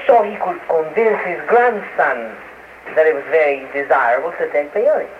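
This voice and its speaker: A man in an interview who speaks haltingly, with many restarts and fillers, heard on an old radio recording. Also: on the high side, animated. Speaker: interview guest. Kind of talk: casual interview talk. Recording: noisy lo-fi archival radio, phone-like.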